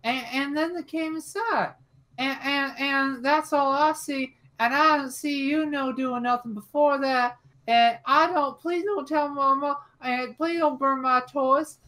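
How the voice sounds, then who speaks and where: Frightened Southern boy, high voice, stammering, rambling, woman voicing him. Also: steady tone, unhurried, fairly bright tone.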